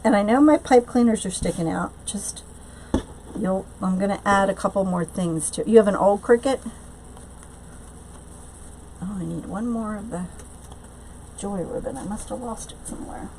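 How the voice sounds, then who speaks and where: A woman of middling pitch hosts a live craft tutorial, talking loosely and chattily. She answers viewers' comments as they come in and pads her talk with fillers and restarts. A faint hiss sits under her voice. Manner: frequent fillers and trailing restarts. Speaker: craft channel host.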